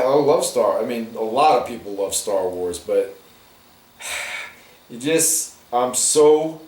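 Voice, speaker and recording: A man's voice: medium pitch, a little mellow. Man, rambling rant, casual monologue while drawing, roomy echo, mic far off. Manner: ranting, many restarts and asides. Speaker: artist talking while coloring a comic.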